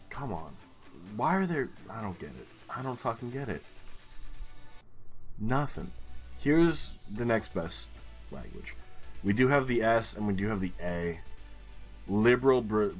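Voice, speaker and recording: Low-voiced man swearing through game commentary. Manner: swears a lot, thinks aloud, excitable. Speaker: gaming video host. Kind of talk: casual let's-play commentary.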